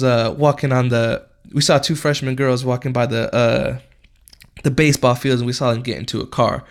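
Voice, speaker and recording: Gravelly laid-back young man telling stories. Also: medium pitch, fairly even intonation, brisk. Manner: laid-back, profane, slangy storytelling. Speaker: podcast host. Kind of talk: casual storytelling.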